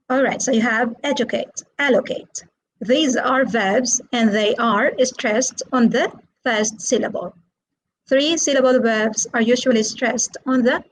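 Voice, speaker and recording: A woman teaching an English lesson, explaining slowly and patiently and repeating words for listeners to echo back. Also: on the high side, a little hiss or hum. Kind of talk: slow classroom explanation with repetition drills.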